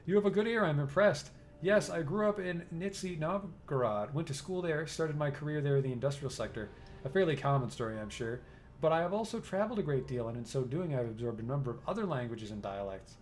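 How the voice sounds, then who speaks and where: A man reading game dialogue aloud, voicing a cultured and polite middle-aged male engineer who speaks in a formal, measured way. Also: a little high, lively intonation, darkish tone, a little hiss or hum, close to an everyday voice.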